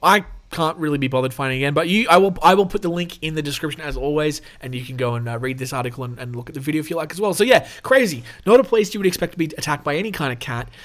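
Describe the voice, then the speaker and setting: A man with a slightly high, fairly bright voice talks very fast with few pauses as he hosts his own show. He reads animal news stories with casual, irreverent humor, laughing often.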